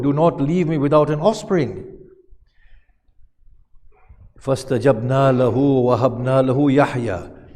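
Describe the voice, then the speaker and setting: A man's voice: on the high side, mellow. A man giving a religious lecture who recites verses, translates them and puts questions to his listeners. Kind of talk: Muharram lecture on Quranic verses. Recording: long hall reverb.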